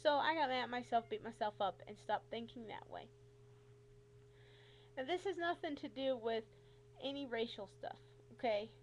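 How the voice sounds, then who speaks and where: A woman vlogging, retelling a bad experience in an animated, exasperated way with lots of asides. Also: on the high side, normal speed, pauses often, a little hiss or hum, low-quality recording. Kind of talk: casual storytelling to camera.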